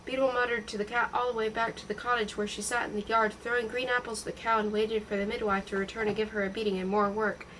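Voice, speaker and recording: A woman reading a novel aloud in a steady, expressive storytelling voice. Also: mid-range voice, fast, few pauses, recorded from a distance, a little hiss or hum, poor audio. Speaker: audiobook reader.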